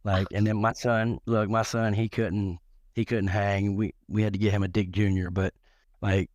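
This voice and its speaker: Low-voiced rambling middle-aged man. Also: level tone, normal speed, darkish tone, no room sound. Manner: rambling, with many restarts and repeated words; crude, joking humor. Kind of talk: casual storytelling on a live talk show.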